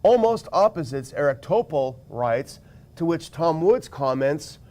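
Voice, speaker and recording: Man, host, slightly high voice, wry, reads quotes and charts aloud. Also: sing-song, measured pace, a little mellow. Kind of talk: commentary on news clips.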